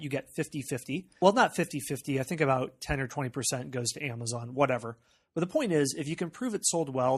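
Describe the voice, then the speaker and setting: Casual General American man explaining. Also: medium pitch. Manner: conversational and explanatory, with frequent "uh" and "okay". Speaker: tutorial presenter. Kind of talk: casual screencast walkthrough.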